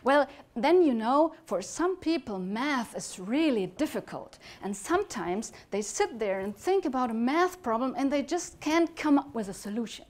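A woman's voice: normal speed, hardly any pauses. A woman doing an eager little math angel boy. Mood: enthusiastic. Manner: high, animated and bright when explaining.

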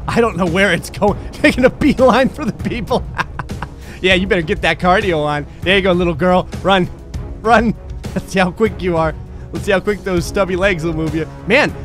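A man's voice: a little high, a bit bright. A young man giving sarcastic, laughing commentary while he plays a video game and talks to its characters. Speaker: gaming YouTuber. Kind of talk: casual gameplay commentary.

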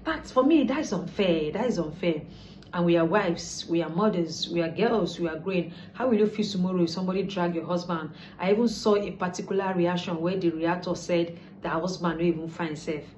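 A woman's voice: fairly low pitch, a little fast. Chatty Nigerian woman vlogger, lo-fi. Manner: chatty, mixes pidgin, lively asides. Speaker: lifestyle vlogger. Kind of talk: casual commentary to camera. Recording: slightly dull lo-fi sound with faint background noise.

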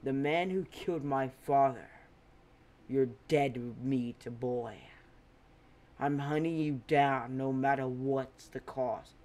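A man voicing a brooding, smug teenage vigilante in a bat suit, speaking loud, slow and menacing. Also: mid-range voice. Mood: threatening.

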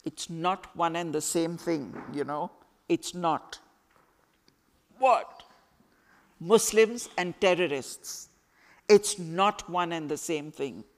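A woman voicing an earnest teenage boy, low and firm. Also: slow, long pauses. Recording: echoey hall with long reverb.

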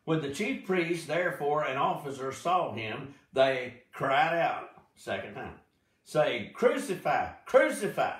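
A man teaching a Bible study, reading scripture aloud slowly and dramatically, with short explanatory asides. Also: medium pitch, fairly bright tone. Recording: echoey room, mic at a distance.

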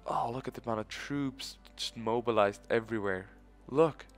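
A man's voice: mid-range voice, normal speed, faint music behind. A man giving casual let's-play commentary, thinking aloud in a loose, profane way. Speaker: gaming video host.

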